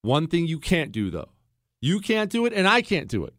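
A male radio host delivers fiery, emphatic commentary and hammers his points home by repeating them. His slightly high voice leaps around in a very lively way. The sound is dry and close on a studio mic. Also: normal speed, no echo. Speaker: radio talk show host. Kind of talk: talk radio commentary and listener mail.

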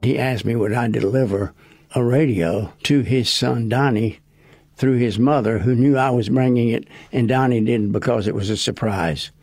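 A man with a gravelly, husky voice tells a personal story at a deliberate pace. He sits fairly low in pitch and sounds close and dry, with no room around him, and he slips into the voices of the people he quotes. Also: darkish tone, no echo. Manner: deliberate, quotes others in dialogue. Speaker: interviewee recounting events. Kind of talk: casual storytelling.

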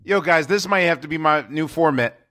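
A man co-hosting a podcast, jumping in with excited, jokey interjections. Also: a little high, a little fast. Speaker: podcast co-host.

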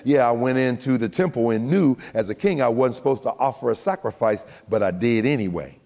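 A man playing an ancient king who confesses his wrongdoing in a low, subdued voice. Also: animated, a little fast, vocal fry, dark tone. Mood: confessing. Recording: long hall reverb.

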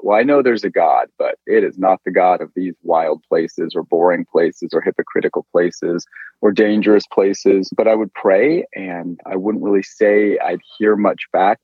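Husky middle-aged man telling his story. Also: low-pitched, dry recording. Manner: animated storyteller who acts out quoted speech. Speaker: interview guest. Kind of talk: personal faith testimony storytelling. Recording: dull lo-fi dry sound.

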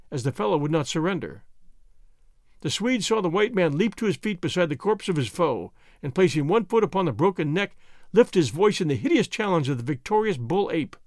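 A man narrating an adventure novel with dramatic, expressive storytelling. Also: a little high, no room sound, clean studio sound. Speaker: audiobook narrator. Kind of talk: scripted narration.

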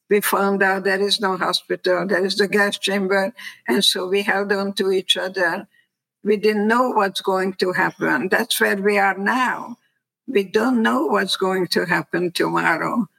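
Older woman, from Hungary, slow unhurried delivery, gravelly texture, reflective storytelling. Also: medium pitch, a bit bright, rough recording. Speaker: guest. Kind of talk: personal testimony.

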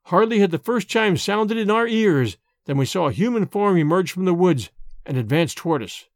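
Male audiobook narrator, expressive and measured, dry close sound. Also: high voice, dry recording.

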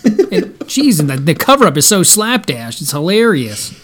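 A man in casual chat with friends, animated, acting out characters' lines as he talks. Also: on the high side, moderate pace. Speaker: podcast co-host.

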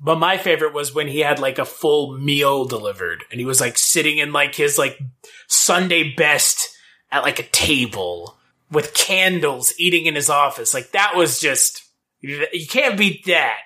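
Bright, slightly high male co-host. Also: lively intonation, measured pace. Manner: loose, hedging with many fillers. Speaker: podcast co-host. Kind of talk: casual podcast discussion.

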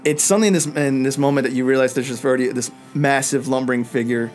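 Male game master, halting, hesitant, faint music behind. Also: mid-range voice, fairly even intonation, a little mellow. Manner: halting, full of fillers. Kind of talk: narrating a tabletop game.

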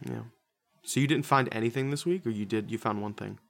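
A man's voice: mid-range voice, fairly quick, gravelly. Offhand, joking male podcast host. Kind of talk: casual podcast banter.

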